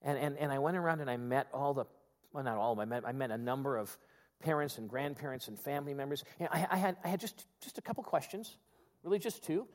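A man preaching a sermon, swinging between loud emphatic passages and quiet conversational asides. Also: medium pitch, fast talker, long reverb tail. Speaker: pastor.

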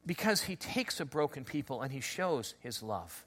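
A man preaching a conversational sermon, telling stories with lots of restarts and animated asides. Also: medium pitch, normal speed. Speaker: pastor.

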